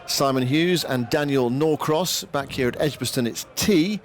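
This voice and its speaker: A man's voice: medium pitch, a little slow, slight background noise. A man commentating live on cricket for radio, chatting casually with a co-commentator and now and then tripping over names. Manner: relaxed, conversational, occasional slips.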